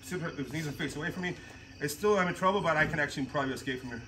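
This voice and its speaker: A man's voice: fairly high pitch, very fast. A man teaching jiu-jitsu technique on the mat, talking casually and laughing often while he demonstrates. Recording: noisy gym audio.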